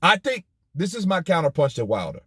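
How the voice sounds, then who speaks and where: Animated, profane boxing commentator. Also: male voice, fairly high pitch, a little fast, breathy edge, dry recording, clean studio sound. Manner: animated, profane, rhetorical questions. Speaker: boxing news channel host. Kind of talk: commentary vlog.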